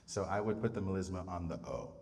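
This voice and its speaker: A man's voice: low voice, steady tone, fast talker, darkish tone. A man composer talking through how he sets words to music, thinking aloud with fillers and restarts. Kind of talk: live talk on setting words to music. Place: public venue. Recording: distant mic in a reverberant space.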